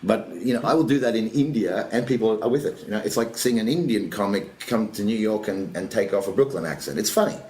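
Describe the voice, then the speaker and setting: This deep, quick-talking comedian rambles through lively stories on a laid-back podcast, slipping into other people's voices as he quotes them. His guest spot was captured in a roomy, echoing space with a faint background ambience.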